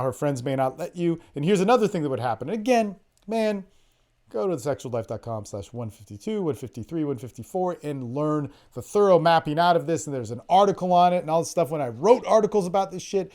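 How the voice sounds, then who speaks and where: A man hosting a podcast, telling stories in a casual, profane, animated way and quoting other people in quick bits as he goes. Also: a little high. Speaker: podcast host, dating coach. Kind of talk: casual storytelling on a group call.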